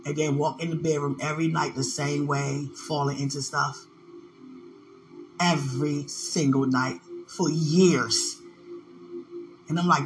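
A woman's voice: deep voice, steady tone, slow pace, long pauses, music in the background. A woman in a casual spiritual vlog, speaking emotionally and prayerfully, tenderly addressing unseen listeners.

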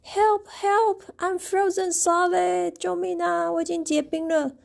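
A woman's voice: very high-pitched, flat delivery, measured pace, vocal fry, darkish tone, pitched above the performer's own voice, full character voice. A woman voicing a clever, playful male elephant in a storybook reading, upbeat and coaxing. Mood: playfully pleading.

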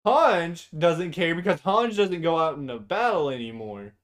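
A man's voice: a little high, expressive, normal speed, a bit bright. Blunt, profane man ranking anime. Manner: blunt and profane, opinionated, goes on tangents. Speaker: podcast co-host. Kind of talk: casual chat.

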